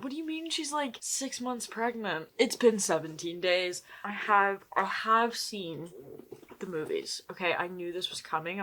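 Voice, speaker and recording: A woman's voice: fairly low pitch, fairly bright tone, a little hiss or hum. A young woman vlogging at home late at night, ranting in exasperation about a book, laughing often and sometimes dropping to a whisper. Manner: drops into whispers. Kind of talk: casual reading vlog to camera.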